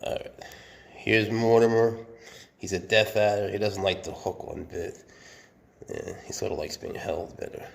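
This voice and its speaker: A man's voice: fairly low pitch, normal speed, gravelly. A man who keeps snakes, talking casually in a chatty, joking way and speaking tenderly to the animals he handles. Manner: chatty, jokey, talks tenderly to his snakes. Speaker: snake keeper. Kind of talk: casual show-and-tell vlog.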